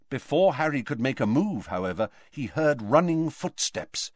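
A man narrating a fantasy novel in an expressive, dramatic reading. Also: medium pitch, normal speed, hardly any pauses, dry recording, studio quality. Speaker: audiobook narrator.

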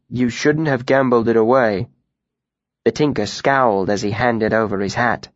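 Expressive man narrating an audiobook. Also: mid-range voice, no room sound. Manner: measured, expressive storytelling. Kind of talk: first-person audiobook narration. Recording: dry, slightly muffled studio recording.

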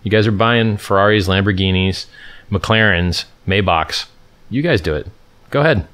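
Casual livestream host, male, from California, low voice, emphatic, repeats himself and restarts lines. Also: moderate pace, fairly bright tone. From Stockton, California, USA. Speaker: livestream host answering viewer questions.

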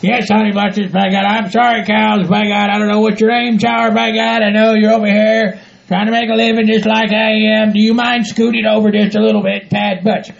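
A man voicing a gruff, grumbling hillbilly rancher in a comedy audio skit, swearing and repeating himself constantly. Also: high voice, flat delivery, moderate pace. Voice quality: gravelly, exaggerated country hick voice. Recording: dull lo-fi home recording.

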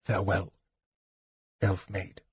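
A man voicing a grave, noble knight who speaks softly and low, resigned and tender, in an audiobook. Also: normal speed, husky, dry recording, lo-fi sound. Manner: soft, low, hushed. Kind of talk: audiobook character voice.

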